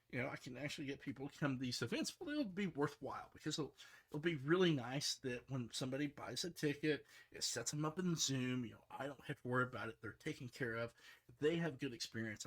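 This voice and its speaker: A middle-aged man, a software developer, talking casually and rambling, frustrated, with many restarts and fillers. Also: medium pitch. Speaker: software developer streaming his work.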